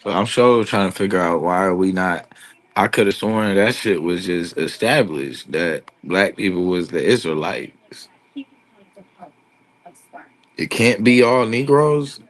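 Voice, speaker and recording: A man's voice: low-pitched, animated, measured pace, low-quality recording. A man in casual livestream chat, sounding incredulous and asking pointed questions.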